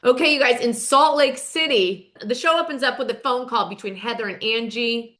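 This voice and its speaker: A woman's voice: on the high side, bright, forceful tone. A woman hosting a casual reality TV recap, telling the story in a chatty, blunt and gossipy way. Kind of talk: casual opinionated recap commentary.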